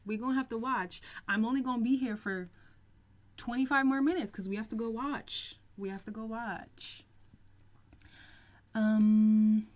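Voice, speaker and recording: A young woman hosting a casual livestream, chatting and reading out viewer comments, laughing often and stretching out some phrases slowly. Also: on the high side, steady tone, a little mellow. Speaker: livestream host reacting to reality TV.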